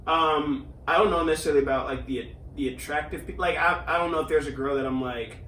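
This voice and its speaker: A man's voice: a little high, quick pace, a bit bright, roomy sound, far from the mic, slight background noise, poor audio. A man hosting a podcast in casual chat, rambling with many ums and restarts. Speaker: podcast host.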